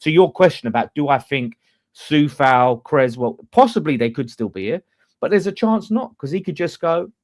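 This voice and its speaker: A man's voice: fairly high pitch, normal speed. A man, hosting a fan channel and arguing about football in a casual, sweary debate. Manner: animated, swears freely, talks over others.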